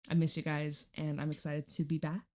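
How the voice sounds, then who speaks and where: A woman's voice: low voice, completely flat delivery, brisk, darkish tone. A woman giving a casual tarot reading to camera, chatty and reassuring, swearing casually and jumping between thoughts. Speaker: tarot reader.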